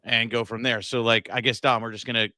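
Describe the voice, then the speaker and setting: A man's voice: mid-range voice, flat delivery, fast talker, sharp tone, no room sound, studio quality. A man co-hosting a sports podcast in loose, joking casual chat with plenty of fillers. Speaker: podcast co-host.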